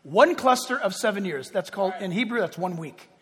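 A man preaching a sermon, emphatic, swinging from loud declarations to hushed, quiet passages. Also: sits high, expressive, a little fast. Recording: long hall reverb.

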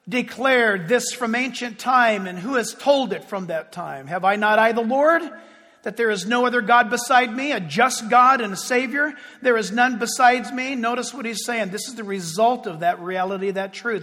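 Man, pastor, fervent sermon, very high voice, long echoing reverb. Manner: fervent preaching with sudden shouts and drawn-out phrases.

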